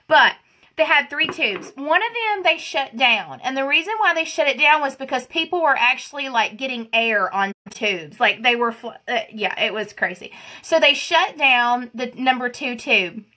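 A woman's voice: high-pitched, lively intonation, moderate pace, bright, forceful tone, a little hiss or hum. A woman chatting casually on a livestream, greeting viewers by name and giggling as she tells a story. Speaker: livestream host. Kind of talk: casual live chat while doing makeup.

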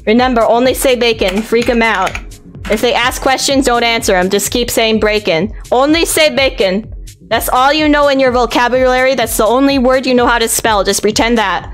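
An excited young-sounding streamer, a woman with a slightly high voice, hyping up her chat and repeating herself with playful energy. Faint music plays under her casual stream talk. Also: moderate pace.

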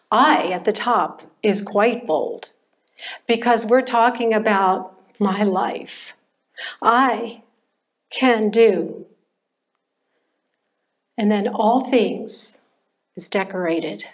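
An older woman giving a personal testimony at a church class, speaking in a slow, reflective way with pauses and restarts. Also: medium pitch. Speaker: church member sharing testimony.

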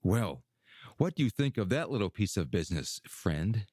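A man's voice: fairly low pitch, very animated, normal speed, darkish tone, slightly rough, dry recording, clean studio sound, pitched below the performer's own voice. A man voicing a boastful, clever little male tailor in a storybook reading, cocky in manner.

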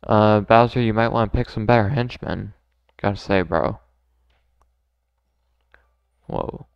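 A man's voice: on the low side, steady tone, unhurried, creaky, clear, resonant tone, dry recording, muffled recording. A man playing a video game, casually commenting and joking as he goes. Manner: laid-back, joking, mutters to himself. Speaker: gamer. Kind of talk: let's play commentary.

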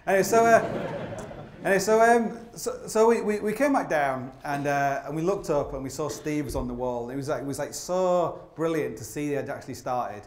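A man tells rambling, self-mocking stories from a theatre stage, his voice sitting a little high for a man. His talk is thick with "like" and restarts. The stage mic picks him up in a roomy hall with plenty of echo. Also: normal speed, a little hiss or hum. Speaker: climber giving a live stage talk. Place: opera house stage. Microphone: stage microphone.

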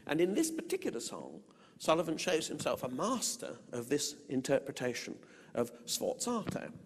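A middle-aged British man giving a music lecture, explaining and reciting song verses with deliberate emphasis. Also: fairly high pitch, sing-song, husky. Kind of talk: lecture with spoken and sung musical examples. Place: lecture hall. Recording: long hall reverb.

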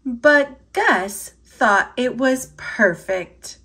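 A woman with an American accent reading a picture book aloud to children, expressive and sing-song. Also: a little high, drawn-out words. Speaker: storybook reader. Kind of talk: slow read-aloud for children.

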